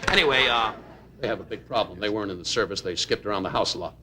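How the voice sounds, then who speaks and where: A man in his forties, a comedian guest trading insults on a talk show, brash and interrupting, bursting into loud shouted voices. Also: lowish voice, rapid-fire. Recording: noisy 1970s broadcast recording.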